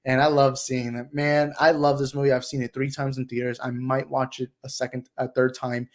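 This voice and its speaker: A young man in mid-range pitch gushes through a casual movie chat as the channel host. He talks in an excited, rambling way and leans on fillers and restarts as he goes. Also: fairly quick. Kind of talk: casual movie discussion livestream.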